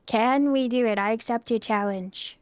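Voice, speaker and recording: A woman's voice: on the high side, moderate pace, dry recording. A young woman livestreaming, chatting casually and giggly with her viewers into a close desk microphone. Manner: bubbly and giggly, chatty asides. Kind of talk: casual chat with live viewers.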